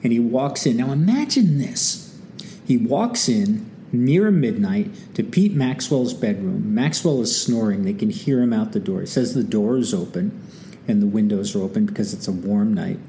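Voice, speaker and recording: A man's voice: on the low side, moderate pace, a little hiss or hum. A man hosting a history talk, telling the story casually with wry asides and acted-out quotes. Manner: animated and wry, acting out quotes, many asides. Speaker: history channel host.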